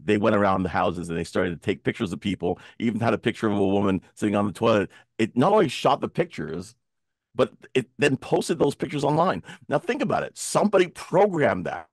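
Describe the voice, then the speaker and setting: A man hosts a casual discussion over a video call, his low voice close and dry. He tells stories with energy and slips into the voices of the people he quotes. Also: fairly quick, dry recording. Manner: animated storyteller, acts out quoted voices. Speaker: talk show host.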